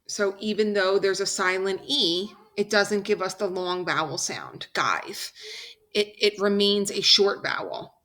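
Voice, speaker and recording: A woman with a medium-pitched, slightly bright voice teaches a phonics lesson, speaking slowly and patiently. She draws out the example sounds and checks in with her class.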